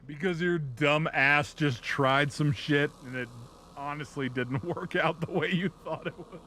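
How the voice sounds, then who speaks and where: A man chatting casually on a live stream, telling a story in a profane, rambling, animated way. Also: on the high side, measured pace, slight background noise.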